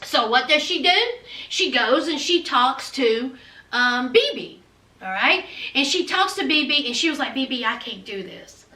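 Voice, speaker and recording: A woman giving a chatty, animated recap of a TV episode, calling her viewers "honey" and "child" as she talks. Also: high-pitched, a little slow. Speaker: TV episode reviewer. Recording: roomy, distant from mic.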